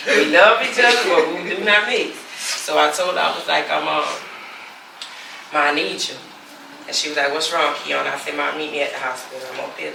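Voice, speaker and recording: A woman's voice: deep voice, vocal fry. A mother giving a candid personal testimony for a documentary, acting out the phone calls she recounts in quoted dialogue. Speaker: mother telling her story. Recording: echoey room, distant mic, background noise.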